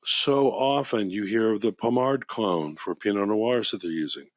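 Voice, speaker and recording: Enthusiastic low-voiced man, dry close mic. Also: normal speed, dry recording. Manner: enthusiastic, rambling storyteller. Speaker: wine shop podcast host. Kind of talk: casual chat.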